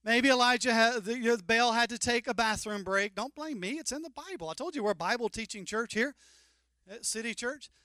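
Male pastor, high and smooth, lively joking sermon delivery, close dry mic. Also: fairly quick, dry recording. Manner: animated, joking, mock-incredulous asides.

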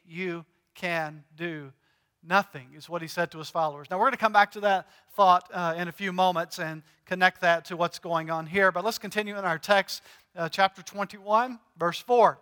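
A man's voice: high-pitched, bright, forceful tone, clean tone. A male pastor preaching a sermon in a conversational, joking way, asking his congregation questions. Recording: long hall reverb.

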